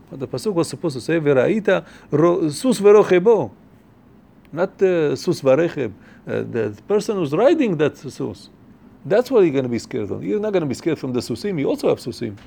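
Fast-talking man teaching Torah. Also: fairly high pitch, gravelly, warm tone, a little hiss or hum. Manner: quick, repeats himself and restarts, chanting Hebrew verses fast. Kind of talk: Torah class on the weekly portion.

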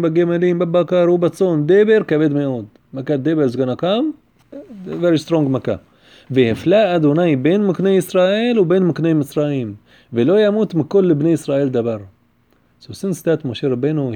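A man teaching a Torah lesson in English, asking rhetorical questions and reciting Hebrew verses quickly. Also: fairly high pitch, dark tone.

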